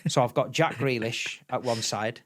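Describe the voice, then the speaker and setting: A man's voice: mid-range voice, normal speed. A middle-aged man from England, a podcast guest chatting casually and acting out the voices in his stories. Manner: animated storyteller, acts out quotes, repeats words. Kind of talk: casual chat.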